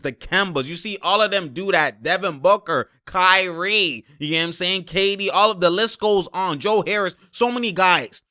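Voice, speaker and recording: A young man giving a casual basketball breakdown over game highlights. He is excitable, laughs often and keeps repeating his catchphrases. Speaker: basketball commentator.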